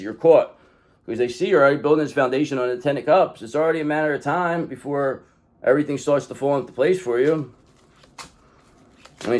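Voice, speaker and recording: A man in a mid-pitched voice reads tarot cards in a loose, rambling way. He is blunt and swears freely, and he speaks emphatically, straight to his listener. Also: darkish tone. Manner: emphatic, talks straight to the viewer. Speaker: tarot reader. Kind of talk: casual tarot card reading.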